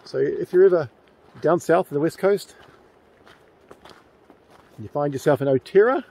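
A man's voice: on the high side, normal speed, gravelly, dark tone, rough recording. Chatty New Zealand man vlogging outdoors. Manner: chatty, enthusiastic, rambling with fillers. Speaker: paranormal vlogger. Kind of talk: casual outdoor vlog. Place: outdoors by a railway tunnel in the bush.

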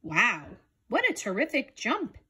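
A woman's voice: mid-range voice, sing-song, moderate pace, breathy edge. A woman reading aloud, voicing an eager young female calf in a storybook.

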